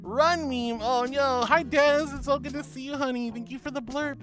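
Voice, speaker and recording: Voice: sits high, fairly even intonation, moderate pace, fairly bright tone. A VTuber streamer casually reading viewer messages aloud, playful and giggly, calling people sweetie and honey. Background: music playing.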